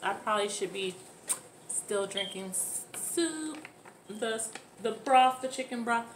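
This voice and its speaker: A woman's voice: on the high side, animated, takes it slowly, background noise. A woman hosting an eating video from home, chatting casually to camera and talking with her mouth full between bites. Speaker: mukbang host. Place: at home with children nearby.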